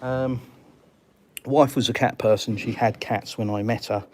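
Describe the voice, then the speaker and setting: A man's voice: mid-range voice, fairly even intonation, a little slow. Chatty Englishman on a home livestream. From England. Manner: chatty, answers viewers' comments aloud. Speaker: livestream host. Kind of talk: casual live-stream chat. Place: at home in a house. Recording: clear background noise with clicks.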